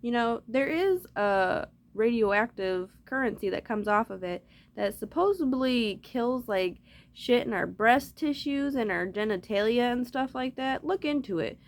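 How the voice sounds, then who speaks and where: A woman's voice: a little high, expressive, a little slow. Woman vlogging, just rambling on to the camera, cusses a lot, super casual. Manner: rambling, swears freely, addresses viewers directly.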